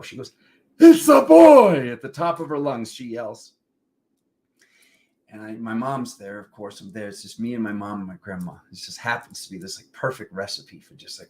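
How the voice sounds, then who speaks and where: Guy doing a spiritual livestream, rambly storytelling, super animated, does little voices for people. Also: mid-range voice. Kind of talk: casual storytelling monologue. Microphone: livestream setup.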